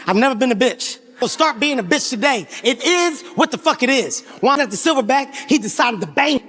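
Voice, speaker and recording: A man in his forties telling a profane stand-up story on a live stage, animated and often shouting. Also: extremely high pitch, a little fast, slightly rough. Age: 40s. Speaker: stand-up comedian. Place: live comedy stage before a crowd.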